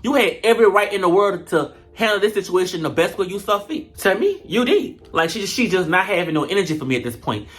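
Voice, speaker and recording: A reality show reviewer talking in a casual commentary vlog, animated and profane, retelling scenes dramatically. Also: medium pitch, brisk, hardly any pauses.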